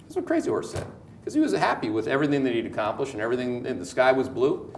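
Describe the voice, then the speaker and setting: A man's voice: mid-range voice, very fast, a little hiss or hum. A Canadian man hosts a markets show, his voice sitting in the middle of the male range. He talks in punchy, emphatic bursts and jokes as he goes. The room behind him rings with a noticeable echo. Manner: animated, emphatic, jokey, repeats words. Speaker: host. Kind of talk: market commentary on a live show. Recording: echoey room.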